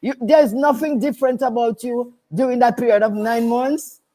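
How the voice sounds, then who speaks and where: Talking at a normal speed, this older woman has a slightly high, dark voice with fairly even intonation. A nurse and midwife from Dominica, she's a guest on a casual radio chat, where she repeats herself emphatically and insists "no, no, no."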